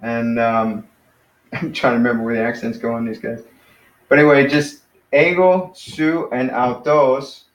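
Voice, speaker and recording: A man teaching a Greek class in a relaxed, hesitant way, with many fillers. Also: medium pitch, unhurried, echoey room, poor audio.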